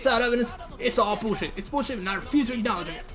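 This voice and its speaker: A man's voice: very high-pitched, racing, over music, voice pushed up. A man voicing a hotheaded, defiant young male murder suspect in a video game, reading the lines with crude indignation. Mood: indignant.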